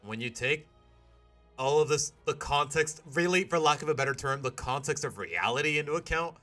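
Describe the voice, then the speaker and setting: An animated man hosts a casual live stream. His voice is bright and forceful and swings widely in pitch. He rambles and cuts himself off mid-sentence, with faint music underneath. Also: normal speed. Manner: animated, rambling, self-interrupting. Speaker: streamer host.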